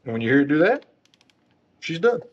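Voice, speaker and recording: A man's voice: a little high, sing-song, brisk, muffled recording, slight background noise. A man working as a motorcycle technician, talking through a wheel install in a workshop with joking, self-deprecating asides. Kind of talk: casual how-to tutorial.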